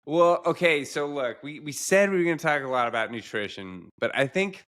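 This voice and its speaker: A man's voice: a little high, animated, brisk, fairly bright tone. A young adult man, a doctor co-hosting a podcast, talking in an earnest, reflective, emotional way. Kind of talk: casual podcast chat.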